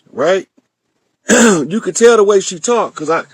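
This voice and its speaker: A man's voice: high-pitched, lively intonation, measured pace, slightly rough. A man with a Southern US country accent, hosting and giving loose, profane commentary to his viewers. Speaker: online show host. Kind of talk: casual commentary on a played clip.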